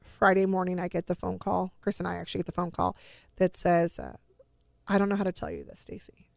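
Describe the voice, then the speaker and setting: A woman's voice: fairly low pitch, little pitch movement, fairly quick, vocal fry, darkish tone, dry recording, clean studio sound. A middle-aged woman recounting a personal story as an interview guest. She speaks earnestly and emotionally, and acts out the dialogue she quotes.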